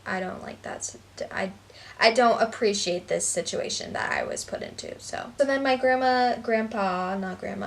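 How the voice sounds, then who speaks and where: A woman's voice: mid-range voice, distant mic. Rambling sarcastic young woman vlogger, off-mic. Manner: rambling, sarcastic, heavy "like" and "basically". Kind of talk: storytime vlog.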